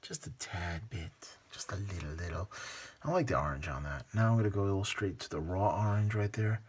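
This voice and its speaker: A man's voice: low voice, expressive, fairly quick, slightly rough. A man hosting a hobby painting video, talking casually to himself as he works and often trailing into murmurs and whispers. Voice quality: mumbling, muttering to himself, drifts into whispers. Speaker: hobby painting channel host. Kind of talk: casual running commentary while painting.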